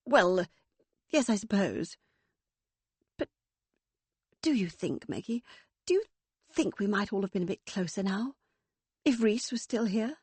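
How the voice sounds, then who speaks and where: A woman's voice: medium pitch, animated, a little slow, long pauses, a little mellow, husky, no room sound. A woman reading an audiobook voices a self-absorbed mother near sixty with a breezy, sing-song manner. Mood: airy. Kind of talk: audiobook character voice.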